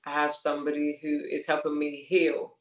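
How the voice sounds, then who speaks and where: A woman's voice: low-pitched, completely flat delivery, moderate pace. Woman guest, candid and chatty, mid voice, echoey room. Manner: candid, laughing, repeats phrases. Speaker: podcast guest. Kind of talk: casual conversation. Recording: roomy echo.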